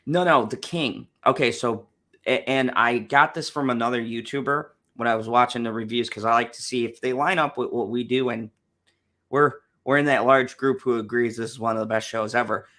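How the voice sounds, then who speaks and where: Casting note: male co-host, medium pitch, relaxed and conversational, explains plot with ums and likes. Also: fairly quick. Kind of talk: casual review chat.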